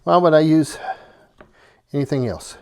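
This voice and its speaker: A man with a drawl chats his way through a recipe in his home kitchen, ribbing the person behind the camera. His voice rides a little higher than most men's, and he keeps checking in with "okay?" as he talks. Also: a little slow, mellow. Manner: folksy, joking, keeps asking "okay?". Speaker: cooking show host. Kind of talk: casual kitchen chat to camera.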